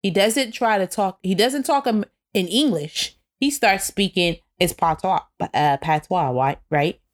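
A woman's voice: mid-range voice, expressive, a little slow. A woman chatting casually, telling a story and addressing viewers directly. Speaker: co-host. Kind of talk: casual chat.

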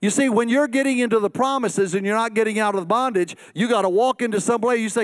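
A man's voice: very high-pitched, fast talker, few pauses, no echo. A middle-aged man preaching a sermon as pastor, acting out quoted voices and joking asides.

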